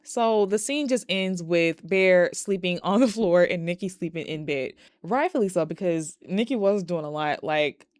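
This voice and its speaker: A woman's voice: lowish voice, normal speed, few pauses, a little mellow, no echo. A woman casually recapping and reviewing a movie, blunt and profane, acting out the characters' lines as she goes.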